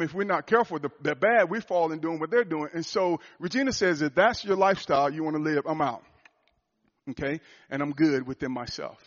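A man giving a sermon testimony as a church speaker, preaching emphatically and dropping to a hushed storytelling tone. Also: a little high, muffled recording.

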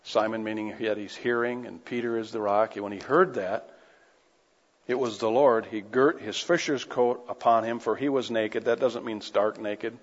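A man's voice: lowish voice, steady tone, normal speed. A man preaching a sermon, reading scripture aloud and breaking off into casual conversational asides. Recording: dull lo-fi recording with long hall reverb.

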